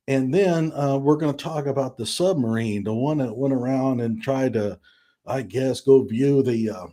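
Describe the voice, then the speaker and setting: A man's voice: mid-range voice, warm tone. A man hosting a live stream, chatting casually and mockingly, with frequent laughs and fillers.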